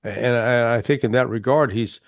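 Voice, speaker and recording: A man's voice: mid-range voice, no room sound. Male guest commentator, emphatic with many restarts, dry close sound. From United States. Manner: emphatic, hesitant restarts, slows down to stress points. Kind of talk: political interview talk.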